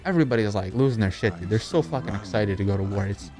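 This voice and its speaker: A young man narrates a comedic anime recap as a voice-over with background music, irreverent, profane, sarcastic and rambling. His voice is lowish, expressive and fast.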